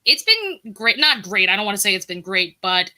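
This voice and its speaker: Woman guest from Brooklyn, very bright tone, rambling casual chatter, talking over a video call. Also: mid-range voice, very animated, normal speed. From Brooklyn, New York. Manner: chatty and rambling, many filler words. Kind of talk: casual chat on a live-streamed talk show.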